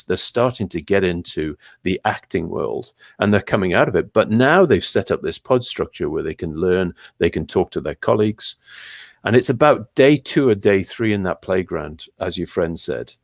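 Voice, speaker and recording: Deep-voiced man telling stories. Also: no room sound, studio quality. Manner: animated storyteller, lively pitch jumps and pace shifts. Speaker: guest, leadership trainer. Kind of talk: conversational interview.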